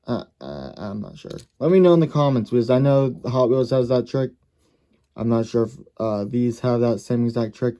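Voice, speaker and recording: A man's voice: mid-range voice, dark tone. A man casually reviewing a model race car, thinking aloud and correcting himself as he goes.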